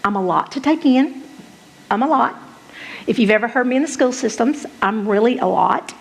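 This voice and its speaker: A middle-aged woman speaks from the stage in a slightly higher-than-usual register. She shares her personal story bluntly and candidly, with raw emotion close to the surface. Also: lively intonation, moderate pace, vocal fry, poor audio. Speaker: conference speaker. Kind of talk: personal testimony talk.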